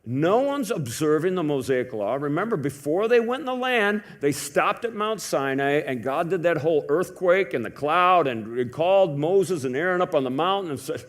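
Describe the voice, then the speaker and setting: Animated storytelling male pastor. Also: a little high, normal speed, hardly any pauses. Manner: animated, swings from hushed to loud; conversational with many fillers. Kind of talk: storytelling sermon. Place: church.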